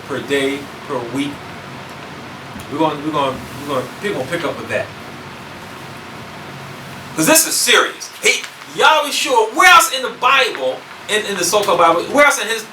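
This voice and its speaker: A man preaching a sermon, emphatic and repetitive, building to shouts. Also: fairly high pitch, roomy sound, far from the mic, background noise.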